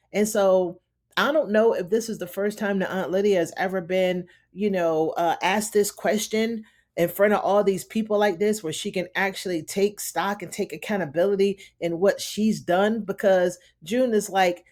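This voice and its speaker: A woman's voice: medium pitch, fairly even intonation, normal speed, a little mellow. A woman casually recapping a TV episode, telling the story in a loose, conversational way and acting out the characters' lines. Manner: loose, conversational with frequent "you know" and "honey". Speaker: TV recap host.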